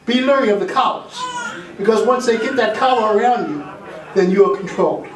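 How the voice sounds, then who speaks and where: A man's voice: sits high, noisy background. Distant middle-aged man telling folksy stories. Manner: homespun, repeats phrases, halting restarts. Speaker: son giving a tribute speech. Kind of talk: family tribute speech with folksy stories. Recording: roomy echo, voice from far off.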